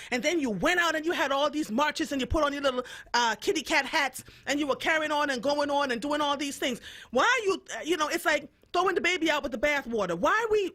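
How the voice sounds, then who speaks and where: Jamaican-born woman on the radio, high bright voice, fired up and emphatic, fed up. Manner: fiery, emphatic, repeats for emphasis. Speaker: radio host. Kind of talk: impassioned radio monologue.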